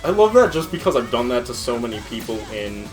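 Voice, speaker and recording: A man's voice: mid-range voice, very animated, fast talker, faint music behind. A young man chatting casually and profanely over a video game, rambling and laughing often. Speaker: gaming podcast co-host. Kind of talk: casual gameplay chat.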